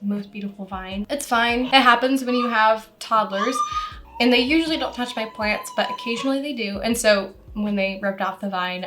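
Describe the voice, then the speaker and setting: A woman's voice: fairly high pitch, a bit bright. A young woman with a slightly congested voice from a cold, chatting casually and rambling a little in a vlog. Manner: chatty, rambling, self-deprecating. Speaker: plant content creator. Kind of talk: casual vlog talk to camera.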